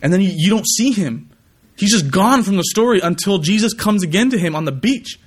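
A man's voice: high voice, animated, brisk, husky. A young man preaching a sermon in a conversational way, often asking the congregation to respond. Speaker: pastor.

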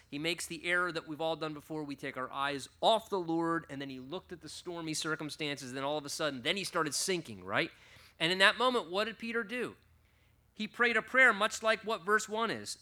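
A male pastor delivers a conversational sermon, breaking into acted-out prayers and dialogue. His voice is very bright and forward, pitched a little above the usual for a man. He keeps the delivery lively and direct, as if talking with the congregation. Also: a little fast. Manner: animated, acts out quoted prayers, conversational.

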